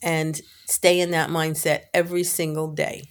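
A woman's voice: low-pitched, flat delivery, moderate pace. A woman co-hosting a casual faith-based podcast chat, upbeat and encouraging, laughing easily. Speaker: podcast co-host.

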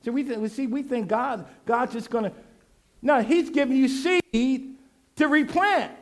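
A pastor preaching, leading the congregation in call and response and shouting out his refrains. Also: extremely high pitch, a little slow. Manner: exhorting, shouting refrains, laughing asides.

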